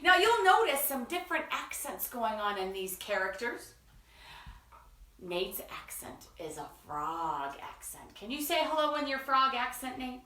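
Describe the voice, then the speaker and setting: A woman's voice: a little high, big pitch swings, a little slow, bright, forceful tone, reverberant, recorded from a distance. A woman hosting a children's story time, talking to kids in a sing-song, enthusiastic teacher way. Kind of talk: children's read-aloud lesson.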